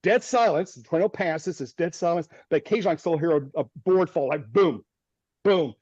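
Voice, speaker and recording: On a video call, a storm chaser guest tells his story in an animated, vivid way, with restarts and short nervous chuckles. His voice leans high with a darkish tone, he talks briskly, and the lo-fi sound is dull and dry.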